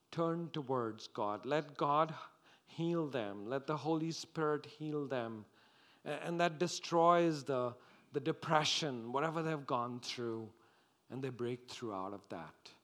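A man preaching a sermon, slow and dramatic, rising to loud exclamations and dropping to hushed tones. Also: mid-range voice.

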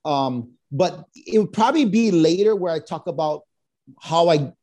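Husky man from Hawaii, earnest and plain-spoken. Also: a little high, expressive, normal speed, a little mellow. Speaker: DJ and children's book author. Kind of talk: casual podcast chat.

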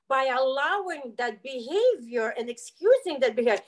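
A woman's voice: sits high, expressive, moderate pace, low-quality recording. A middle-aged woman, an interview guest, telling a personal story in an earnest, emotional way and acting out the dialogue with animation.

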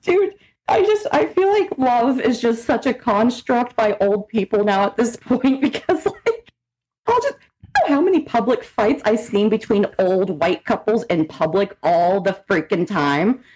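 A woman in her twenties chatting on a podcast with a voice that swings widely up and down. She laughs often and jumps into quick impressions of the people in her stories. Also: a little high, low-quality recording. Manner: animated, laughing often, acts out quoted people. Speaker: podcast co-host. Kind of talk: casual chat.

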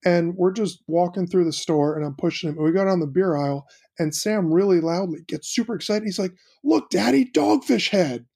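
Male co-host, middle-aged, husky, chatty storyteller. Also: high voice, brisk, few pauses. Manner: storytelling, animated quoting of his kids. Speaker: podcast co-host. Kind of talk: casual chat.

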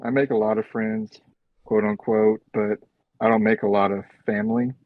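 Man guest, low and flat, rambling, dull lo-fi dry sound. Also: moderate pace, dry recording. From Oklahoma. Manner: rambling, gropes for words. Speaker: podcast guest. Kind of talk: casual chat. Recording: muffled lo-fi sound.

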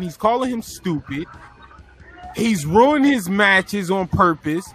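High, bright-voiced man ranting. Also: unhurried, soft background music. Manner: animated ranting, exasperated outbursts. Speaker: wrestling podcast co-host. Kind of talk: heated casual chat.

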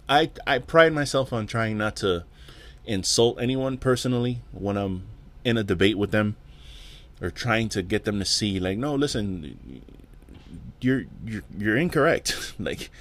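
A man hosting his own podcast, ranting alone in a profane, exasperated way and often repeating words. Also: fairly low pitch. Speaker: podcast host. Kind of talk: casual solo rant.

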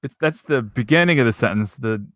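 A man's voice: mid-range voice, animated, a little fast, a bit bright, no echo. Male podcast co-host, teasing banter, dry close sound. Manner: playful, teasing. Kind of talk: casual chat.

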